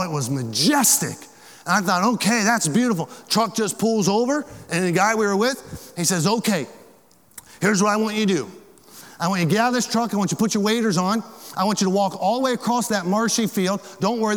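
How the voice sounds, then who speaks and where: A man's voice: high voice, fairly bright tone. A man preaching a sermon as a pastor, impassioned and repetitive, in a large hall. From Florida. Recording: long hall reverb.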